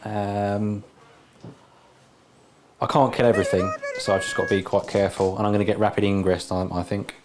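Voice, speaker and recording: A man's voice: on the low side, level tone, fast talker, hardly any pauses, background noise. A man playing a tabletop wargame on stream, thinking aloud hesitantly about his moves. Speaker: tabletop game player. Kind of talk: casual game talk.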